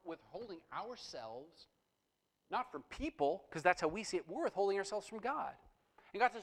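A man's voice: mid-range voice, low-quality recording. A middle-aged man preaching a sermon as pastor, conversational and personal, with emphatic bursts.

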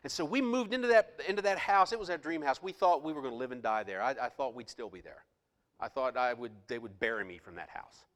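A male pastor preaching a sermon with passion, swinging between loud outbursts and hushed asides. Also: mid-range voice, expressive, fast talker, big-room sound.

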